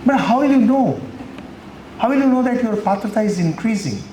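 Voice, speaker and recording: A spiritual teacher, giving an emphatic lecture to college students and swinging between loud and quiet. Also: male voice, very high voice, animated, brisk. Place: college hall. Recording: echoey hall, faint noise.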